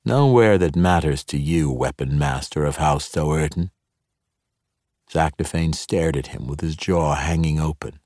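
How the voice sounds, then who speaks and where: A sly, teasing dark elf mercenary chief, as a man reading a fantasy audiobook plays him. The voice is extremely deep and unhurried, smooth and amused, recorded close and dry. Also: dry recording. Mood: persuasive.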